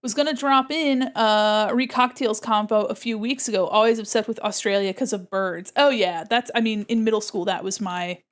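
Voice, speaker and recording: An American woman streaming, chatting casually with viewers while drawing, self-deprecating and quick to laugh. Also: medium pitch, fairly even intonation. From United States.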